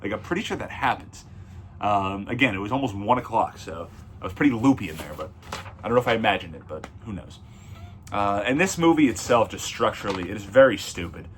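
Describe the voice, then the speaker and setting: A man's voice: fairly low pitch, lively intonation, fairly quick, fairly bright tone, slight background noise. A man giving a casual, blunt film review, rambling and correcting himself mid-sentence. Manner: blunt and opinionated. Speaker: movie reviewer.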